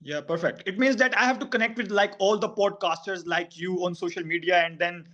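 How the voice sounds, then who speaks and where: A man's voice: sits high, fairly quick, fairly bright tone. A man from Pakistan asking questions on a video call, hesitant and full of "like". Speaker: caller. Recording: dull lo-fi video call audio.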